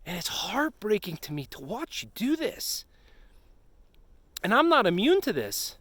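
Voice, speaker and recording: A man's voice: high voice, dry recording. Earnest man urging pastors. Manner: earnest, preacherly, direct address with rhetorical questions. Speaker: retreat ministry founder. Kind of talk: outdoor pep talk to pastors. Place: outdoors on a snowy ski slope.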